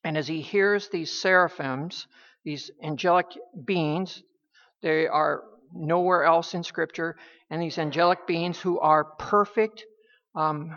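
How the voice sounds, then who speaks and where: A woman preaching a sermon in a halting, emphatic way, with many restarts. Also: deep voice, steady tone, a bit bright. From United States. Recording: dull lo-fi recording.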